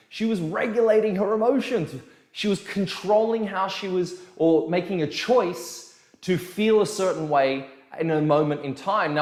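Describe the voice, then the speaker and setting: A man's voice: on the high side, roomy sound. A man who coaches dance, talking casually to viewers and telling stories with quoted dialogue. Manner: chatty, animated storytelling with quoted dialogue. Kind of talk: casual video lesson.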